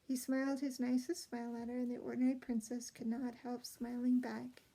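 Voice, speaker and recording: A woman reading a children's storybook aloud in a gentle, expressive way. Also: a little high, brisk, creaky, rough recording. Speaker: storybook reader.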